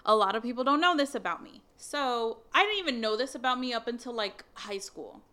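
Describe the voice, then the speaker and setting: Smooth-voiced young woman telling a story. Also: on the high side, fairly quick. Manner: candid, swears, many fillers, animated retelling of dialogue. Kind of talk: casual storytelling chat.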